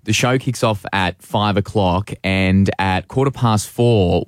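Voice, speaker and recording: A man's voice: on the low side, slow pace, smooth, dry recording, clean studio sound. Chatty young man telling a story. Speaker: guest, play director. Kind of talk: casual radio chat, storytelling.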